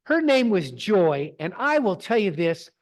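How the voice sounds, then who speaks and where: A man's voice: high voice, sing-song, unhurried. A middle-aged man, presenting to a photography club in a folksy, digressing storytelling way. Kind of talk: casual talk with slides. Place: club meeting room.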